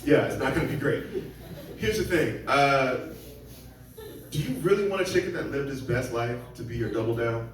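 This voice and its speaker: A Seattle-area man performs a rambling, self-deprecating club set, doing voices for the people he quotes. He has a mid-range voice, speaks at a normal speed and pauses often, with crowd noise audible. The room is very echoey and the mic distant.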